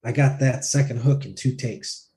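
A man's voice: mid-range voice, moderate pace. A male singer in a casual interview, telling a story with animation and acting out what others said. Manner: animated, acts out others' words in quotes.

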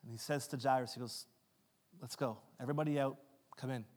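A man preaching a sermon as a pastor. He retells Bible stories in a conversational way, acting out the characters, then builds to loud, impassioned climaxes. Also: mid-range voice, steady tone, a little fast. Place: church sanctuary. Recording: long hall reverb with faint music. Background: faint keys or guitar.

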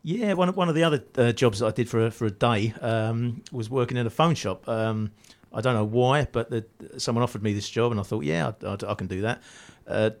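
A man's voice: medium pitch, fairly quick, hardly any pauses. Self-mocking man, laughing as he talks. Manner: self-deprecating storytelling with frequent laughs. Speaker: actor and guest. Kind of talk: casual radio chat.

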